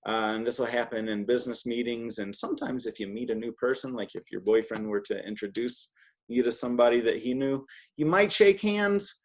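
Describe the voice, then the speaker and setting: A man's voice: medium pitch, fairly even intonation, a little fast, darkish tone. A man teaching a one-on-one beginner Spanish lesson, chatty and patient, modeling words for his student to repeat.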